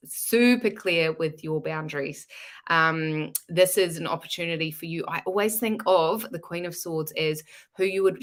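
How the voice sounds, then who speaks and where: A woman's voice: lowish voice, bright, forceful tone. A woman giving live-streamed tarot readings in a chatty, frank and casual way, swearing freely. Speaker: tarot reader.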